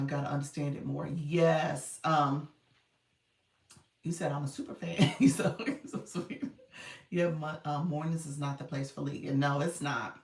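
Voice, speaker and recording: A woman's voice: deep voice, creaky. Giggly woman streaming from a roomy distance. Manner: giggly, often breaking into laughter; warm, chatty, addresses viewers as y'all. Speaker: livestream host and coach. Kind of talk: casual livestream chat thanking viewers.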